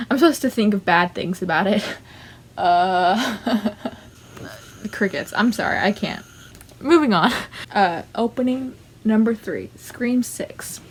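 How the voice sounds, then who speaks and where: A woman's voice: mid-range voice, slow, long pauses, a little hiss or hum. Chatty young woman vlogger. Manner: chatty, animated, lots of fillers and asides. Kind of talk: casual ranking vlog.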